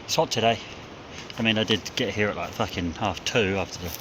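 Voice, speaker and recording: A man's voice: lowish voice, fairly quick, noisy background. Swearing New Zealand man hiking outdoors. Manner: rambling, frustrated, swears a lot. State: out of breath, dehydrated. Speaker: hunting vlogger. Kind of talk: casual outdoor vlog. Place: outdoors on a mountainside. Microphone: phone camera.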